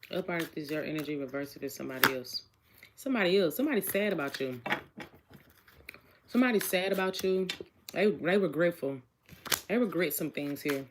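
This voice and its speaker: A woman's voice: low-pitched, very noisy. A woman giving a casual tarot reading, chatty and repetitive, asking each question aloud and talking straight to her viewers. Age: adult with a child. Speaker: tarot reader.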